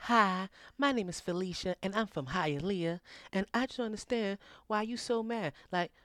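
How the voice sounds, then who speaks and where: A woman's voice: medium pitch, normal speed, a bit bright, dry recording, studio quality, natural voice. A woman playing a puzzled young woman caller from South Florida in a comedy sketch, asking bluntly.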